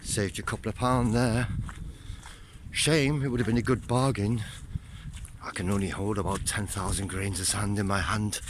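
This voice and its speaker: A man's voice: fairly low pitch, fairly even intonation, moderate pace, pitched above the performer's own voice, lightly acted. A man voicing a teasing old local man in a bad imitation Scottish accent, recorded outdoors with noise behind. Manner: teasing, gleeful bargaining.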